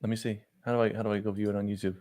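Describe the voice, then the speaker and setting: Racing along in a lowish voice, this man co-hosts a live stream and handles the broadcast. He's a podcast co-host, animated and full of jokes as the casual conversation rolls on.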